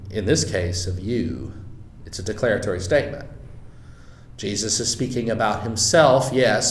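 A man teaching a Bible study, reading scripture aloud slowly and then explaining it with deliberate emphasis. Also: fairly low pitch, roomy sound, slight background noise.

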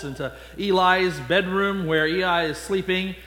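A man preaching a sermon, telling a story in a playful, animated way. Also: sits high, a little slow, hardly any pauses. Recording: long echo in a large hall.

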